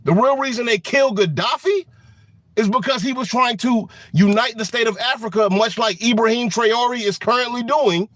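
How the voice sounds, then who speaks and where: A man's voice: extremely high pitch, normal speed, a bit bright, dry recording. A man giving an angry political rant, swearing often and restarting his sentences with many fillers. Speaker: political commentator.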